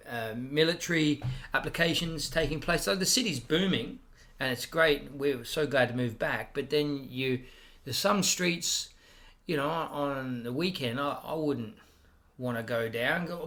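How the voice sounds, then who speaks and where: Bright-voiced Australian man spinning profane yarns. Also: mid-range voice. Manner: profane, animated anecdotes; loud bursts when acting out quotes. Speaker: guest comedian. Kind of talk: casual storytelling chat.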